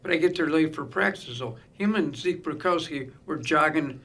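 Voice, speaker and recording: A man's voice: fairly high pitch, normal speed. A middle-aged man, telling stories in casual conversation and acting out the other people's lines. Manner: animated storyteller acting out quoted voices. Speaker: guest. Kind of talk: casual storytelling.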